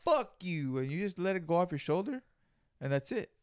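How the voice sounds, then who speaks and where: A man's voice: expressive, quick pace, a little mellow, clear, resonant tone, no echo, clean studio sound. Casual swearing man on a podcast. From Mexican heritage. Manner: loose, swearing, laughs with a squeak. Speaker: podcast co-host. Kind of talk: casual chat.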